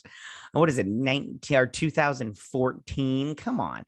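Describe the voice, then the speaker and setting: A man's voice: mid-range voice, lively intonation, normal speed, no room sound. A man in his thirties hosts a casual review show, retelling scenes in a meandering way with plenty of fillers and quoted dialogue. His voice sits in a middle range and is recorded close and dry, with no room sound. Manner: rambling retelling with quoted lines and many fillers. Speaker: host. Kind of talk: casual episode recap and review.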